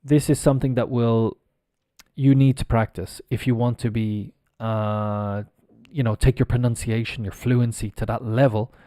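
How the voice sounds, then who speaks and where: A middle-aged Irish man leads a live English pronunciation class. His voice is mellow and sits at a middle pitch, heard close and dry with no room around it. He explains patiently, drawing sounds out and spelling words letter by letter. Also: steady tone, normal speed, dry recording. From Ireland. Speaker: English teacher. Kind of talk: live-stream pronunciation lesson.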